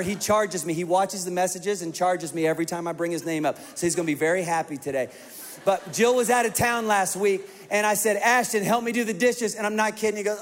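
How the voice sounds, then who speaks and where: A man preaching a sermon to a large congregation, telling stories in an animated way that swings from hushed to emphatic. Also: high-pitched. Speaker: pastor. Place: large church auditorium. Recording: long reverb of a large hall.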